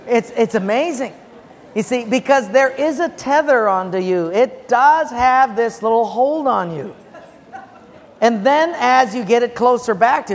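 A male pastor preaching a sermon with audience participation, playful and coaxing, with dramatic slowdowns. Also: very high-pitched. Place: church sanctuary. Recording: long church reverb.

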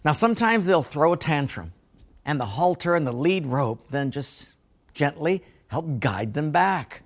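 A man's voice: on the high side, very animated, measured pace. A man preaching a sermon as a pastor, telling folksy stories and laughing at his own jokes.

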